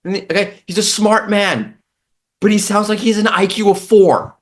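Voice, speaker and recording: A man's voice: high voice, steady tone, moderate pace. A man with a New York accent ranting sarcastically as a brand marketing commentator.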